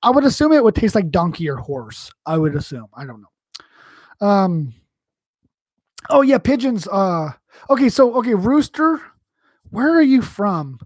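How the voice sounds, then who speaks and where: A man's voice: high-pitched, big pitch swings, unhurried, no room sound, clean studio sound. A man from New York hosting a live stream, chatting casually and answering chat in a rambling, profane, slangy way. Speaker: livestream host.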